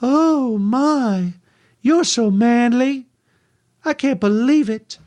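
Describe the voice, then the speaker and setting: Man doing a breathless Southern belle, high and gushing, for a radio bit. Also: takes it slowly, darkish tone. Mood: swooning. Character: swooning Southern woman in a barn.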